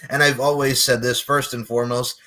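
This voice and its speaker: A man's voice: medium pitch, level tone, a little fast, sharp tone. A man hosting a casual podcast chat, blunt and profane, given to heated rants. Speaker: podcast host.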